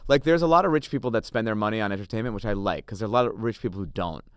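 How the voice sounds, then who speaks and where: A man appearing as a guest on a studio comedy podcast, bantering and riffing quickly on jokes. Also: on the low side, clean tone, dry recording. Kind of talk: casual comedic chat.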